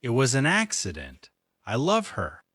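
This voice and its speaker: A man's voice: mid-range voice, wildly swooping pitch, a little slow, fairly bright tone, breathy edge, no room sound, heavily acted. A man playing a pleading, remorseful husband. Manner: pleading, desperate. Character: remorseful young husband after drunk crash. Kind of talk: slow scripted story for learners. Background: faint music.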